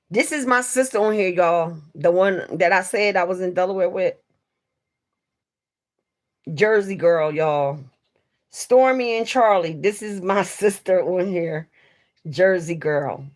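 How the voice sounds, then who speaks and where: A woman chatting casually with viewers on a livestream, swearing freely and talking straight to them. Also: fairly low pitch. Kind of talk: casual live stream chat.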